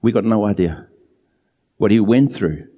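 A man preaching a sermon in an earnest, emphatic way, drawing out key phrases slowly. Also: fairly low pitch, warm tone, slightly rough, long reverb tail, dull audio.

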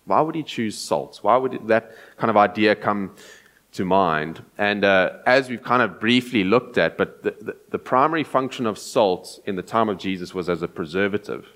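A man preaching an earnest, explanatory sermon, often pausing and restarting as he thinks. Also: on the low side, lively intonation, a bit bright.

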